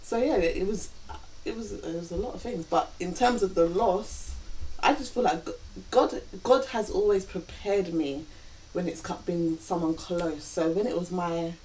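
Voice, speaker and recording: A woman's voice: lowish voice, normal speed, dark tone. A woman sharing a personal story with her partner, earnestly quoting her own thoughts aloud. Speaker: vlog co-host. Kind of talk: reflective couple chat. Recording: distant mic with faint background hiss.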